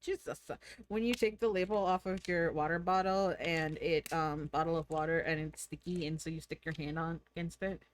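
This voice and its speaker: A woman's voice: low-pitched, fairly even intonation, moderate pace, a little hiss or hum. A young woman streaming, chatting casually and giggling while she draws and reads chat. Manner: chatty, giggly, thinks aloud.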